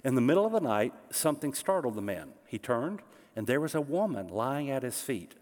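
A man's voice: medium pitch, sing-song, a little fast, a little mellow, big-room sound. A middle-aged man preaching a sermon, explaining scripture in a conversational way with touches of humor. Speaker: pastor.

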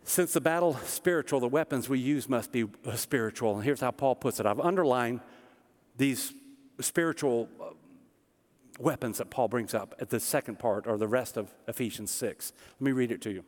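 A man preaching a sermon as pastor, swinging between loud emphatic lines and low conversational asides. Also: moderate pace, big-room sound.

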